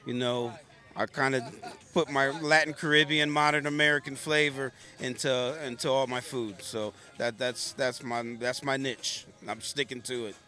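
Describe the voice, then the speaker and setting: A man from Barbados, a chef, talking about his food in a relaxed way, repeating words as he thinks. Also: medium pitch, normal speed, faint music behind. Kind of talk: casual interview answers.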